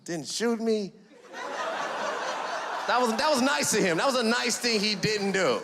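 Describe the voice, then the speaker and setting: Stand-up guy on stage, pitch jumping all over, stutters and yells the punchlines. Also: fairly quick, creaky, background noise. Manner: animated, stammering repeats, shouted punchlines. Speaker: stand-up comedian. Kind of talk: stand-up storytelling. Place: comedy club stage with live audience.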